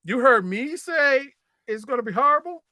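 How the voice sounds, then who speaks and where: A man's voice: very high voice, lively intonation, moderate pace, pushed and bright, no echo, studio quality. A man co-hosting a podcast, casually insisting on what he actually said. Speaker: podcast co-host. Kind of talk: casual chat.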